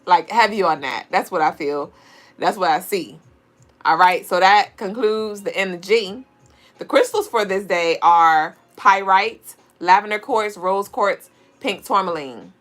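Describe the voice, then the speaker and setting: A woman hosts a live tarot reading in an unhurried, fairly bright, medium-pitched voice. She is chatty and playful, laughs often, and talks directly to her chat viewers as a tarot and astrology streamer.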